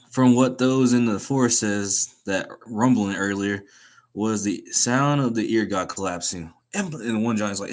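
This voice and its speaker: A man streaming a casual chapter recap from home, animated and laughing often as he acts out the characters. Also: fairly low pitch. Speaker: anime chapter reviewer, streamer. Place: home room.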